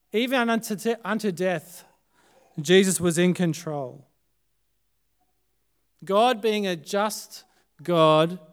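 A man with an Australian accent preaching a Good Friday sermon in church, dramatic, often dropping to a hushed voice after loud emphasis. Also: high-pitched, smooth. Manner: dramatic, swinging between loud emphasis and hushed, quiet phrases. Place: church service.

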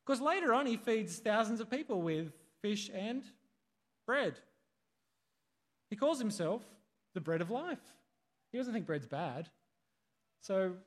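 A male pastor with a high voice preaches a sermon in a church hall. His style is conversational, and he asks the congregation questions.

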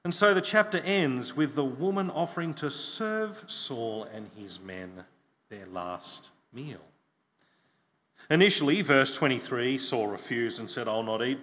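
A man preaching a sermon, reading scripture aloud with emphatic stresses and expressive delivery. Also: mid-range voice, unhurried, big-room sound.

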